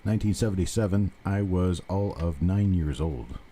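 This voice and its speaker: A man's voice: sits low, moderate pace, dark tone, a little hiss or hum. A man in his fifties from the American South with a faint Southern accent, hosting a live coin stream, blunt and rambling with self-mocking asides. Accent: mild Southern American. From Southern United States. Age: 50s. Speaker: host. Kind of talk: casual live-stream chat.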